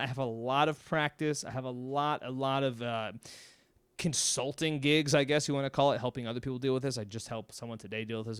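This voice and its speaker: A man hosting his own mental health coaching show, giving casual advice in an energetic, emphatic way and acting out sample conversations, speaking close to a microphone. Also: mid-range voice, clean tone, no echo.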